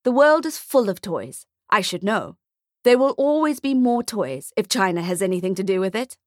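A woman's voice: mid-range voice, very animated, normal speed, darkish tone, no room sound, studio quality, lightly acted. A woman reading as a weary, wry mall Santa. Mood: dry. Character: weary middle-aged man playing a mall Santa.

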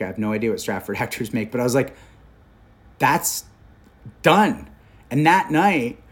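A man in his forties from Canada tells stories as an interview guest. His voice sits at a middle pitch, and he talks in an animated, candid way. The talk stays loose and conversational. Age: 40s. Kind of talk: casual storytelling conversation.

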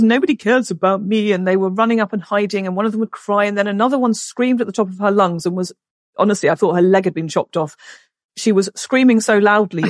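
A woman's voice: mid-range voice, no room sound, studio quality. A middle-aged woman, a podcast guest who tells a story and acts out the voices in it. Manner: animated, acts out the voices in her stories.

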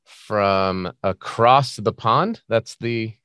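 An American man hosting a podcast interview, upbeat and joking with quick asides. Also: on the low side, a bit bright, smooth, no room sound, studio quality. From United States. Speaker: podcast host. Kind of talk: casual interview chat.

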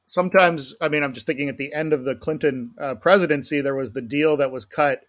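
A man's voice: on the high side, a little fast, fairly bright tone. Hesitant man hosting a podcast. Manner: hesitant, filler-heavy questioning. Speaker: podcast host. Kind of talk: interview questions.

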